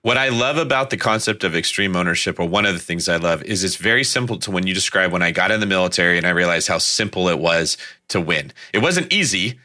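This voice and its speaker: A man with a low but very bright, sharp voice, talking quickly in a casual podcast chat. He is a former police officer who tells his stories with lively, animated detail. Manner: storytelling, animated anecdotes.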